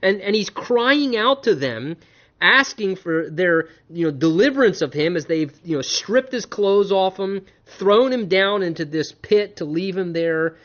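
A man preaching a sermon, reading scripture aloud and commenting on it emphatically, swinging between loud stresses and quiet asides. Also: high voice, lively intonation, measured pace. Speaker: pastor. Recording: dull lo-fi sound.

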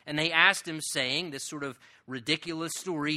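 A man's voice: on the high side, normal speed, hardly any pauses, sharp tone. A man preaching a sermon as pastor, swelling with emphasis on key phrases.

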